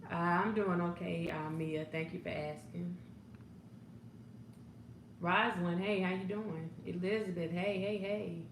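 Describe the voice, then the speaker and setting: Hosting her laid-back livestream, the life coach speaks in a lowish, steady voice, a little slowly and with frequent pauses, welcoming viewers by name amid ums and laughter. Echo and faint noise fill the background.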